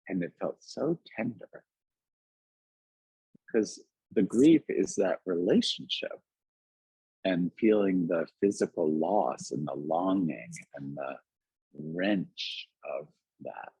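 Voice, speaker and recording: A man talking gently and reflectively as a guest author on a video call, musing aloud with many "like"s and "you know"s. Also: low voice, expressive, slow pace, gravelly, long pauses, husky, no echo. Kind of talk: reflective conversation. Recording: dull lo-fi webinar audio.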